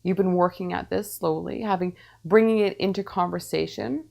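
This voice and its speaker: Woman channeling a teacher, heavy vocal fry. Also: lowish voice. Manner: measured, repetitive phrasing with calm pauses. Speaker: medium channeling a spirit teacher.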